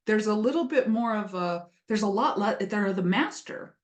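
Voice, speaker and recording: A woman's voice: medium pitch, expressive, normal speed. A woman giving a casual astrology lesson. She talks in a chatty, playful way and acts out little voices. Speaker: astrology teacher. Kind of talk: casual teaching talk. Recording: roomy echo.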